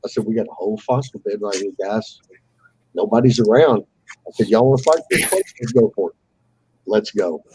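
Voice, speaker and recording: A man's voice: lowish voice, brisk, a little mellow, a little hiss or hum, low-quality recording. A man telling a fishing story on a live call, casually and with animation, swearing freely and acting out the voices of the people he quotes.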